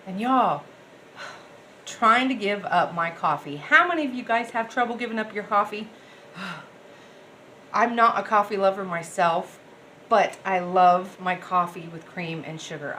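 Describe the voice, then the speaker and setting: A cooking vlogger rambles cheerfully to her viewers while she cooks in her home kitchen, bubbly and talking straight to them in a casual, chatty vlog. Her voice sits fairly low and sounds animated, pushed and bright, and she speaks a little slowly. There's slight background noise.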